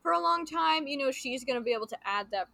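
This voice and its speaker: A woman hosts a podcast in loose, friendly chat, full of fillers and restarts. Her voice is bright and forward. The sound is close and dry, with no room around it. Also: high-pitched, animated, fast talker, creaky, no room sound. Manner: chatty, many fillers and restarts. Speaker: podcast host. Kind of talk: casual chat.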